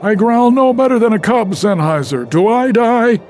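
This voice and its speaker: A man's voice: very high-pitched, expressive, normal speed, a little mellow, soft background music, pitched above the performer's own voice. A man voicing an aging male wolf who speaks in a strained, desperate voice. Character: aging male wolf, mocked pack member.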